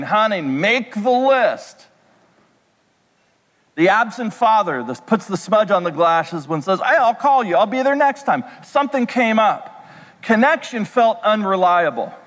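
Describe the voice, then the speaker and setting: A pastor delivering a sermon in a conversational way, throwing rhetorical questions at the congregation. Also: male voice, high-pitched, a bit bright. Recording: echoey hall reverb.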